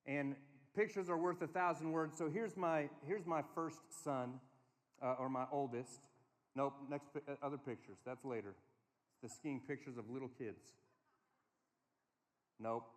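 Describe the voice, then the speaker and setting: A man preaching to a conference crowd, telling family stories in an animated way and giving the room instructions. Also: mid-range voice, measured pace, pauses often. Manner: storytelling, animated, quotes his kids in a small voice. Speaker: speaker. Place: large hall. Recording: long hall reverb.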